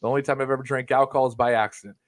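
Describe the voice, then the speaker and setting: Young guy ranting a long sweary wrestling story, mid pitch, restarts a lot. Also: steady tone, racing. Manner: profane, rambling storytelling, full of restarts. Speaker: guest, wrestling videographer. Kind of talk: casual chat.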